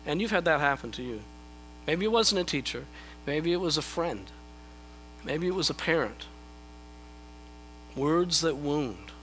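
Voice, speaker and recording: A man's voice: a little high, sharp tone, slight background noise, low-quality recording. A middle-aged man preaching a sermon in a conversational, self-deprecating way, often repeating his words as he starts a thought. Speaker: pastor.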